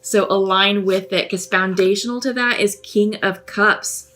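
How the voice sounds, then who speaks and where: A woman giving a spoken tarot reading, musing and gentle, pausing often with fillers as she thinks aloud. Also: medium pitch, steady tone. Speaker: tarot reader.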